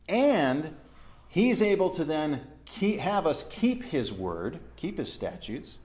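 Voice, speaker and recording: A man's voice: medium pitch, a little mellow. A man leading a church Bible study. He reads verses aloud, explains them and asks his listeners questions.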